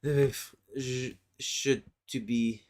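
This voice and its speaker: Working on a made-up language during a casual livestream, a woman talks in a very deep, steady, darkish voice. Her pace is slow, and she mutters to herself while typing and checking references, with keys clicking throughout.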